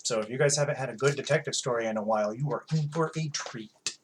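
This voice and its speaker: A man hosts a storytime for children, friendly and chatty, and turns to his young listeners with questions. His voice sits at an ordinary middle pitch. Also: fast, slight background noise. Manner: friendly, chatty, talks directly to kids. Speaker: children's librarian. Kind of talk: storytime read-aloud for children.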